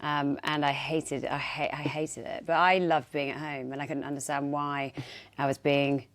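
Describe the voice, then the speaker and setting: A woman's voice: deep voice, little pitch movement, normal speed. A woman hosting an interview, prompting her guest with questions and short affirmations. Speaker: host. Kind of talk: interview conversation.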